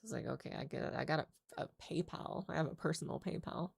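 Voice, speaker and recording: A woman's voice: low-pitched, fast, gravelly, darkish tone, breathy edge, no echo. A woman content creator telling a casual story in a rambling, exasperated way, swearing often. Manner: rambling, profane, exasperated retelling.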